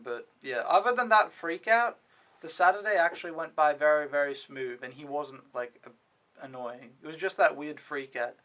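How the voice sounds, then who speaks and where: His voice is a little high, pushed and bright. He's a young au pair vlogger going over his week in a casual vlog, rambling on with lots of "like" and plenty of cursing.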